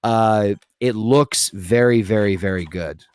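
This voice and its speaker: A man co-hosting a casual podcast chat with friends, relaxed and swearing freely, laughing often while playing cards. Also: fairly low pitch, measured pace, clear, resonant tone. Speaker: podcast co-host.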